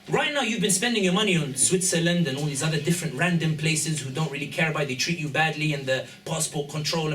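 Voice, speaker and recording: Animated storytelling man in an echoey hall. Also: fairly high pitch, far from the mic, a little hiss or hum. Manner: jokey, animated, acts out quoted dialogue. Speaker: event speaker. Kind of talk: humorous storytelling talk. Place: event hall with audience. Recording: echoey hall, picked up from afar.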